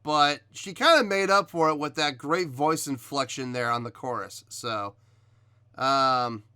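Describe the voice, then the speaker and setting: A man hosting a reaction video, giving measured critique in casual talk, often pausing with ums and restarting his sentences. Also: mid-range voice, sharp tone, smooth, no echo, clean studio sound. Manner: hesitant, many ums and restarts. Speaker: reaction video host reviewing a singer. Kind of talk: casual spoken commentary.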